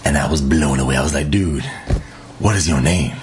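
A young man casually telling a personal story, animated, acting out the dialogue and laughing often. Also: extremely low pitch, brisk, over music.

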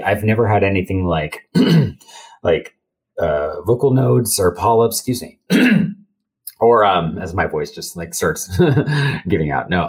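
Deep voiced young dude, voice actor, chill and chatty in an interview. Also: male voice, slightly rough. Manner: relaxed, loose, laughs between thoughts. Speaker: voice actor guest. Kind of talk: casual interview talk.

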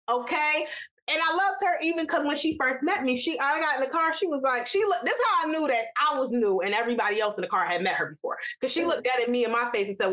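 A woman from New York with a high, bright voice, chatting as a podcast co-host. She tells an animated, profane family story and slips into other people's voices. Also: a little fast. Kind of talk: casual storytelling chat.

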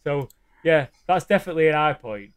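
A man's voice: fairly high pitch, expressive, a little fast, clear, resonant tone. Enthusiastic man retelling film scenes. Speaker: podcast co-host. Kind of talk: casual chat.

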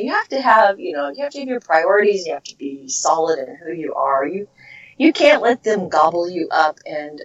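A woman's voice: lowish voice, recorded from a distance. A middle-aged woman and voice actress, telling stories in a casual interview and trailing off into tangents. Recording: dull lo-fi recording.

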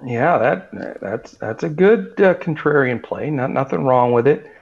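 A man's voice: mid-range voice, expressive, a little slow. A man co-hosting a casual sports podcast, rambling with lots of fillers and restarts. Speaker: podcast co-host. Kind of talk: casual sports betting chat. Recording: dull lo-fi sound.

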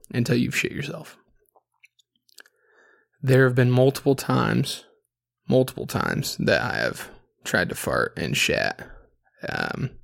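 Creaky-voiced man telling crude stories. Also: medium pitch. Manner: crude, rambling storytelling with frequent swearing. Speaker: podcast host. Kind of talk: casual podcast monologue.

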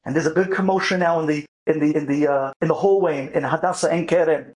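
A man, a rabbi and storyteller, telling a family story in an animated, dramatic way and mixing in Hebrew words. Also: fairly high pitch, fast, husky. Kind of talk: lively storytelling talk.

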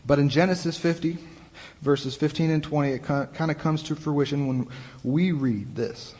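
Speaking on the high side at a moderate pace, a young youth pastor preaches conversationally, retelling the story his own casual way. The long hall reverb of the church surrounds his animated delivery, which includes several restarts.

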